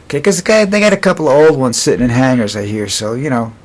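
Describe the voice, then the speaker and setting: A man giving casual political commentary in a vlog, rambling and sarcastic, with scornful asides and frequent halting restarts. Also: mid-range voice.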